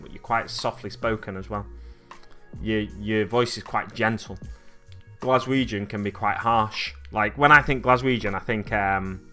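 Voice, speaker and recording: A man's voice: fairly low pitch, bright, forceful tone. A young Englishman from Oxfordshire, chatting casually on a live stream while painting miniatures, rambling and laughing as he answers viewers. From Oxfordshire, England. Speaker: hobby streamer.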